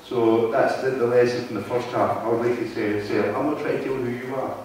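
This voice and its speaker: A man's voice: mid-range voice, fairly even intonation, a little fast, darkish tone, a little hiss or hum. A man with a Wigan accent gives a conversational talk to a live audience in a meeting hall, often checking in with the room. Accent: Wigan, Lancashire. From North West England. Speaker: guest speaker. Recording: very echoey hall from far off.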